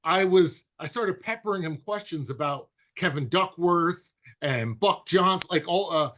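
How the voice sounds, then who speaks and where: A man chatting casually on a sports podcast, telling animated stories and dropping into quick impressions. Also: high-pitched, a little hiss or hum. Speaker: podcast co-host.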